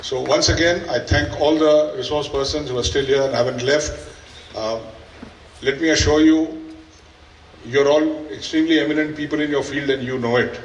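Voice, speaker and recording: A man's voice: fairly high pitch, steady tone, moderate pace, slight background noise. Earnest Indian man addressing students. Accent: Indian English. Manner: earnest, exhorting, with dry humour. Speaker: school head addressing students. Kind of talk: valedictory speech. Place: large school event hall. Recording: echoey hall, voice from a distance.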